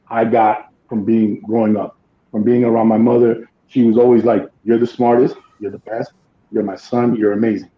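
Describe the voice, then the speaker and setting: A man's voice: medium pitch, roomy sound, dull audio. Man with a blunt, swearing podcast chat. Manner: blunt and emphatic, swears freely. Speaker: podcast co-host. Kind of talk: casual chat.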